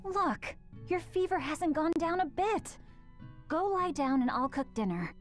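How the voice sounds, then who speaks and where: A calm, firm young woman. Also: high voice, unhurried, soft background music. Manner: calm, level, quietly firm. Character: composed young woman, protective older sister. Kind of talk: game voice acting.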